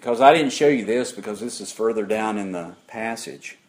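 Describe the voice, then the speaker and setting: A man preaching an interactive sermon, putting questions to the congregation in an emphatic, deliberate way. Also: fairly low pitch.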